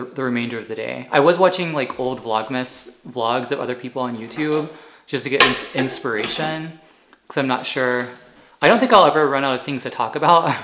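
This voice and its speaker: A man's voice: medium pitch, fairly bright tone, slight background noise. A man vlogging at home in a casual, rambling way, explaining skincare and anti-aging science. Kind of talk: casual vlog chat. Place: home, indoors.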